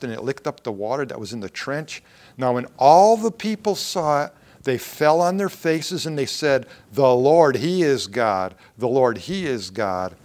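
A man preaching a sermon, reading Bible verses aloud and commenting in plain everyday words, swinging between loud emphatic lines and quiet low asides.

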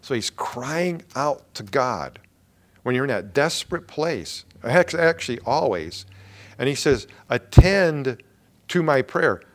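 A middle-aged male pastor preaching a sermon in an earnest, emphatic way with dramatic pauses. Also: mid-range voice, big pitch swings.

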